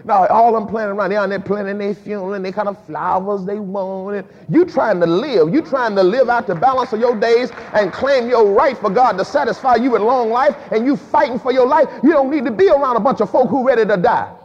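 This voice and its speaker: A man a sermon as pastor, lively and emphatic, with frequent repeated words and casual dialect. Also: high voice, fairly quick, hardly any pauses. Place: church sanctuary. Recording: dull lo-fi recording with long hall reverb.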